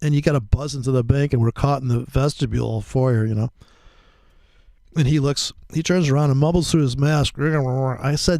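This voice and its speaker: A middle-aged man with a gravelly, creaky edge sits close to the mic in a dry, dead-sounding space. He hosts a trading livestream and talks in loose, profane, heated rants at a middle pitch. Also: steady tone, moderate pace, a little mellow, dry recording. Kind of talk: ranting livestream chat.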